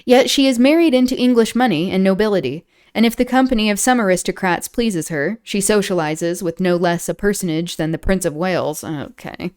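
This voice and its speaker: A streamer reads a book's introduction aloud in a smooth, clear voice. She sometimes stumbles over a word and starts it again. Now and then she stops to add a casual, chatty comment of her own. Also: mid-range voice, a little fast, hardly any pauses, a little mellow. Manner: stumbles and restarts on words, laughs at own slips. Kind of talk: reading aloud with casual asides. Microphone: streaming setup.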